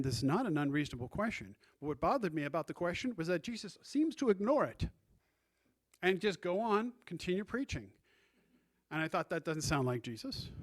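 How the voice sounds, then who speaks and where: A man preaching a sermon as pastor, reading scripture aloud and guiding the congregation through the text. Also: a little high. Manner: teaching, reads scripture aloud and directs the congregation.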